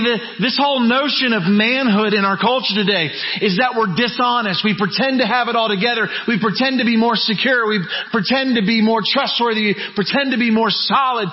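A man preaching a sermon as pastor, emphatic, dropping to low quiet phrases and building back up. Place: church sanctuary. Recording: muffled church recording with long reverb.

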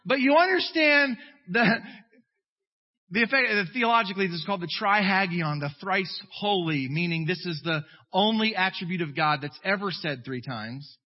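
A man preaching a sermon as pastor, animated and emphatic, slipping into comic voices of people he quotes. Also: high voice, moderate pace, long reverb tail, highs cut off.

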